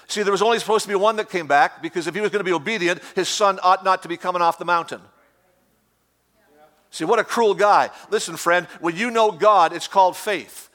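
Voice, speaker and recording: Male preacher, middle-aged, fervent, repeats his points, slightly high voice. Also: fast talker, fairly bright tone. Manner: fervent, emphatic repetition. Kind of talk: sermon.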